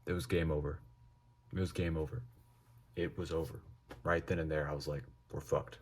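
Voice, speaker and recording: A young man telling a casual storytime with lots of swearing and animated delivery. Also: rumbling low, a little fast, slightly rough. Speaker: vlogger.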